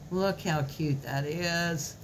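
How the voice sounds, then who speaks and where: Brief: low-voiced woman vlogger, gushy and folksy, soft packaging crinkle behind her. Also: slow pace, slight background noise. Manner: gushing, chatty and folksy. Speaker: craft vlogger. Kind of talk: casual haul video chat. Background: faint crinkling of plastic packaging.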